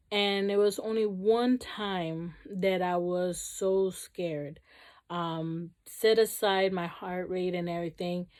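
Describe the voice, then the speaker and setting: A woman vlogger telling a personal story to camera, casual and rambling, with many fillers and restarts. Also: medium pitch.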